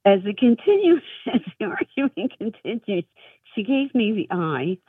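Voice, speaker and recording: A woman's voice: medium pitch, very animated, moderate pace, husky, no echo, distant mic. A woman calling in to a radio show, chatty and laughing as she tells a family story. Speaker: caller. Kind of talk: telling a family story on the phone. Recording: phone line.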